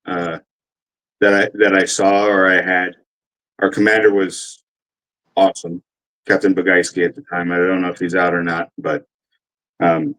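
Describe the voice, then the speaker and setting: A man's voice: low voice, fairly bright tone, rough recording. Rambling, profane army veteran man. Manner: rambling, profane, with many fillers. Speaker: army veteran telling stories. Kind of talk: casual storytelling.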